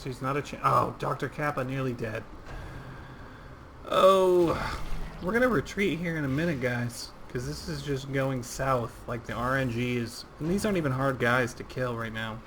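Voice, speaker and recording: A man in his thirties streams gameplay, offering casual, rambling commentary while chatting with viewers and reading out their messages. His mid-range voice is a bit bright, with slight background noise.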